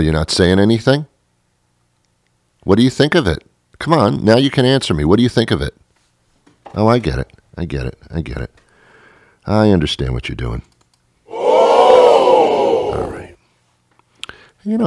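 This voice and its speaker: A man's voice: low voice, dry recording, studio quality. A man hosting a show, delivering a rambling, sarcastic and playful comic monologue. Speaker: host. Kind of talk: comedic monologue.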